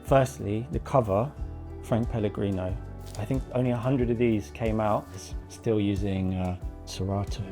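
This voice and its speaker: A man casually narrating a day-in-the-life vlog in a relaxed, chatty way, often saying "like". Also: lowish voice, moderate pace, faint music behind. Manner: laid-back, chatty, says "like" often. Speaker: designer vlogging his day. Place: around his home city, home, café and office.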